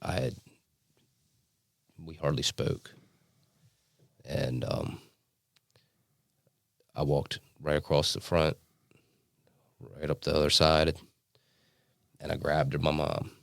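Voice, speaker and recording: Deep gravelly guy telling his story, lots of likes and restarts, dry close sound. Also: steady tone, no room sound. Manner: earnest, halting storytelling with many likes and restarts. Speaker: podcast guest. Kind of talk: personal testimony in a casual interview.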